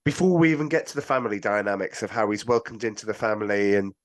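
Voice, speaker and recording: A man talking casually about a film on a podcast, rambling with restarts and lively asides. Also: fairly low pitch, fast. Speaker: podcast guest.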